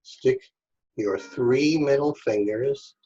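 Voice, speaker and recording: A man's voice: mid-range voice, slow, warm tone, husky, lo-fi sound. Patient man teaching kids a craft. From Staten Island, New York. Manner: patient, step-by-step, talks directly to kids. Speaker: art teacher. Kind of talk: online children's craft lesson.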